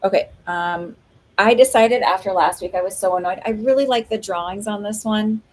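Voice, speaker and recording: A woman's voice: medium pitch, moderate pace, a little mellow, rough recording. A woman hosting a live stream of oracle card readings, talking in a chatty, rambling way with lots of fillers and laughs. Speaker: psychic medium host.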